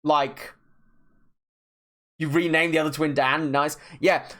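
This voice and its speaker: A man streaming his artwork, chatting casually and talking slowly with deliberate pauses. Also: fairly high pitch, level tone, a bit bright. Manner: rambling, many restarts. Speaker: art streamer. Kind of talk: casual chat while painting on stream.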